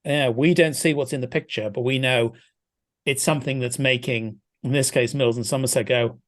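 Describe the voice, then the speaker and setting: A man's voice: medium pitch, fairly even intonation, normal speed. Hesitant, thoughtful man. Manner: thoughtful, hesitant, many restarts. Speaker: film scholar guest. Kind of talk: casual podcast discussion.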